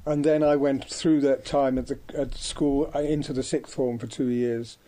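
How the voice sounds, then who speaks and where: A man's voice: medium pitch, steady tone, normal speed, dark tone. An older man from Devon, a guest reminiscing about his life, hesitant and full of ums and restarts. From Devon, England. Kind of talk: reminiscing conversation.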